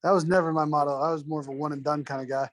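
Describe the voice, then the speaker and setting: Fast-talking wisecracking man. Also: fairly high pitch, steady tone. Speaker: podcast co-host. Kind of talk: casual podcast chat.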